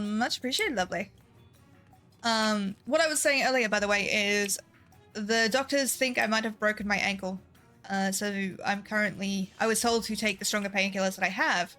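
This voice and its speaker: Sleepy woman streamer, bright voice. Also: mid-range voice, moderate pace, soft background music. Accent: put-on Irish that slips into Southern US. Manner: rambling, sweary, giggly. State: sleepy and foggy on painkillers. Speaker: game streamer. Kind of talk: casual live-stream chat while gaming.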